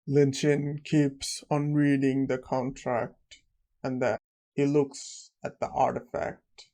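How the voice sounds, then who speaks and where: A man's voice: medium pitch, monotone, takes it slowly, mellow. A man narrating a manhwa story recap in plain retelling.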